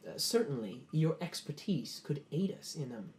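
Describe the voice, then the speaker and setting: A man playing a smooth, ambitious nobleman who speaks formally and hesitates often. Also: on the high side, very animated, moderate pace, darkish tone, slight background noise. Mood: scheming.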